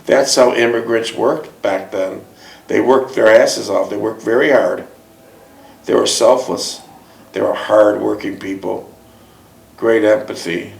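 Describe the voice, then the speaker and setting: Gravelly male host in an echoey room. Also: fairly low pitch, fairly even intonation, measured pace. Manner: leading questions, emphatic summaries. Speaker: interviewer and host. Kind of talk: interview and book reading.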